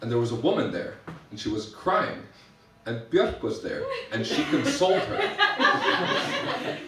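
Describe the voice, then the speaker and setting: A man's voice: medium pitch, huge pitch swings, slow pace, pushed and bright, a little hiss or hum. A young adult man doing drag stand-up, telling chatty, self-mocking stories with lots of restarts and giggles. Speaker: drag performer. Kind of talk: stand-up storytelling. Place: live show venue. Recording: echoey room, voice from some distance.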